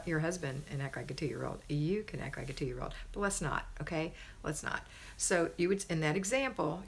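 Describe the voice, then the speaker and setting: A woman's voice: low voice, a little hiss or hum. A middle-aged woman hosting a live stream, giving homemaking advice in an emphatic, conversational way and often asking "right?".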